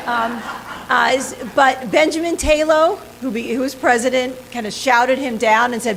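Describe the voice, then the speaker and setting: An organization president gives a local history talk with slides, chatty and hesitant, full of ums and restarts. Her voice sits high, gravelly and a bit bright, with a steady tone and moderate pace. The audio is poor, with slight background noise.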